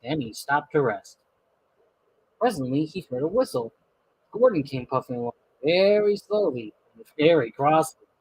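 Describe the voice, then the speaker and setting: A man reading a children's storybook aloud, expressive and lively with small slips. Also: a little high, moderate pace, a little hiss or hum, low-quality recording. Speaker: storybook narrator.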